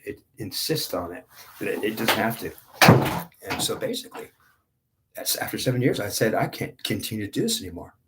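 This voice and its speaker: A man in his fifties giving an intense spiritual monologue, repeating himself and stumbling over restarts. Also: on the low side. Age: 50s. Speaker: spiritual reader.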